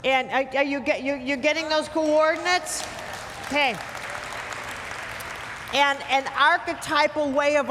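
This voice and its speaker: Blunt high-voiced woman lecturing in a hall. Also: fairly bright tone, a little hiss or hum. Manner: blunt, emphatic, teasing. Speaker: speaker giving a talk. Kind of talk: lecture to a live audience. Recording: hall reverb with faint ambience.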